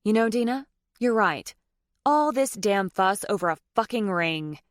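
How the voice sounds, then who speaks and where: A woman narrator voicing a fiery, sharp-tongued young bride. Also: mid-range voice, expressive, a little slow, dry recording, studio quality, close to an everyday voice. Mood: defiant cutting. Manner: cutting, defiant.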